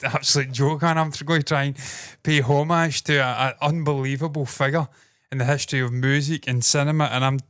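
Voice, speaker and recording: A man's voice: mid-range voice, steady tone, fairly quick, a bit bright, clean tone, no echo. A man in his thirties co-hosting a casual podcast, rambling, laughing and swearing freely. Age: 30s. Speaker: co-host. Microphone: loose desk mic.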